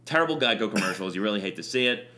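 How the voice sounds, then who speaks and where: A man's voice: lowish voice, expressive, racing, bright, forceful tone. A man hosting a casual comedy podcast, crude and swinging into mock-announcer showmanship. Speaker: podcast host.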